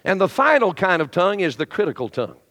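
High-pitched preacher in a reverberant hall. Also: male voice, quick pace. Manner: animated preaching, acts out voices of complainers, drops to quiet intimate storytelling. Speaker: pastor. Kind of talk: sermon. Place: church sanctuary.

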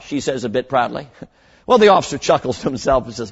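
A man preaching a sermon to young people, earnest and emphatic, slowing down to stress key words and telling stories with short acted voices. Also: medium pitch, sing-song, creaky, slightly rough. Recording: muffled, long hall reverb.

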